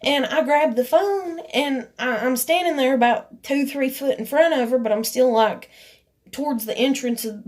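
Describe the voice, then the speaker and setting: A woman in her room at home, telling a heated personal story, swearing casually and acting out what was said. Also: high-pitched. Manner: animated, riled up, swears casually, lots of "I was like" quoting. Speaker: vlogger.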